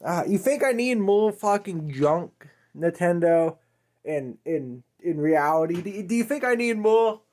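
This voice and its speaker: This guy's comedy video is one long profane rant to camera, exasperated and meandering, breaking off and restarting again and again. He speaks unhurriedly and expressively, with a high-sitting voice and a darkish tone.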